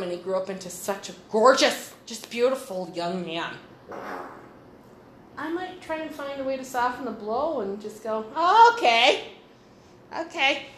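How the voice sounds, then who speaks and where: This podcast host, a woman of medium pitch, delivers a casual storytelling monologue full of rambling, blunt tales and free swearing. Slight background noise sits under the echoey recording with its faint ambience.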